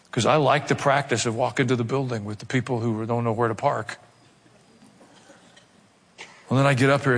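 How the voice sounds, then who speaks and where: A man's voice: mid-range voice, fairly bright tone. Male pastor, emphatic conversational sermon, repeats key phrases, long hall reverb. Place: large church hall.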